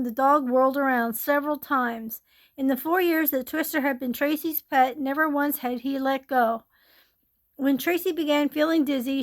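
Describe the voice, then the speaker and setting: A woman steadily reading a ghost story aloud, gently and with small slips. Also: sits high.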